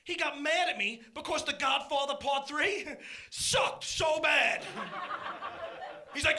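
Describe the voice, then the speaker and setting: A middle-aged man doing a live stand-up routine, punchy and loud, shouting his punchlines. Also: very high voice, measured pace. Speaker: stand-up comedian.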